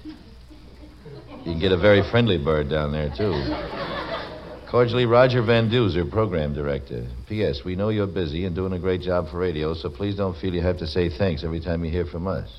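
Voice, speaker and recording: A man's voice: low voice, normal speed. A man hosting a radio show, joking and teasing between sponsor plugs and letters he reads aloud. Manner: wry, teasing, quips after reading aloud. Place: radio studio. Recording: dull lo-fi old radio broadcast with faint hiss.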